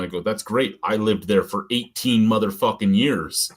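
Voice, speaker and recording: A man's voice: deep voice, fairly quick, few pauses, breathy edge. A middle-aged man from the Ottawa Valley, hosting a casual live-stream chat and telling blunt, profane stories with frequent laughs. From Ottawa Valley, Canada. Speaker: podcast host.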